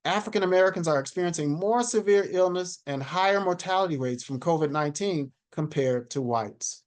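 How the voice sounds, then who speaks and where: Man in his sixties, measured presenter. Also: a little high, clean tone. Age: 60s. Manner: measured, reads statistics from slides. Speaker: panel speaker. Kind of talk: presentation on a video call. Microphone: video call.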